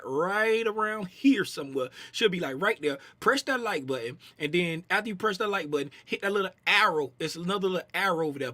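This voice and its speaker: A man runs a casual livestream, joking and calling out viewers in the chat by name. His voice sits high and sounds very bright and forceful. The sound is dry, with no room echo. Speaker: livestream host and trading educator.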